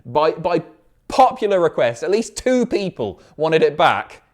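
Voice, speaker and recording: A man's voice: a little high, measured pace. A man in his thirties hosts a live stream, chatting casually and reading out viewer messages. His voice swings widely up and down as he jokes and swears through the banter. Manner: animated, sweary, banter-filled.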